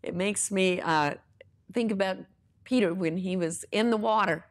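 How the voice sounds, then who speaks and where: Woman minister, mid-pitched voice, earnest conversational preaching with scripture stories. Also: moderate pace. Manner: earnest, testimony-style storytelling with scripture.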